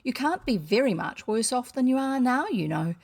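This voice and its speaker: A woman voicing an earnest, bossy young boy who speaks sternly and slowly, in a storybook reading. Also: fairly high pitch, sing-song, a little mellow, pitched above the performer's own voice.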